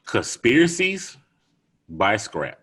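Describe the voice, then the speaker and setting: A man, co-hosting a podcast in animated, laughing casual chat. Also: fairly low pitch, slow, husky. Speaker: podcast co-host.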